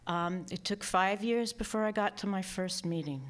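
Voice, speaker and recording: A woman giving a personal remembrance speech at a memorial, speaking softly and emotionally, sometimes dropping to a whisper. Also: mid-range voice, normal speed. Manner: soft and emotional, partly whispered.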